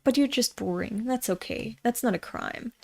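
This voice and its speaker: In a creaky, fairly high voice at a moderate pace, a European channel host reads manga aloud with her audience. Her casual chat rambles into tangents, includes plenty of swearing, and is directed at her viewers.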